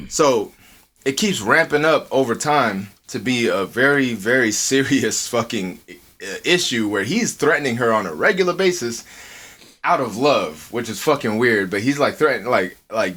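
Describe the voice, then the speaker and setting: A man co-hosting a podcast, telling a story in casual, profanity-heavy talk, acting out quotes in a high voice. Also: normal speed. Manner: swears a lot, animated, acts out quotes in a high voice. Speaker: podcast co-host. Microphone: earphones with mic.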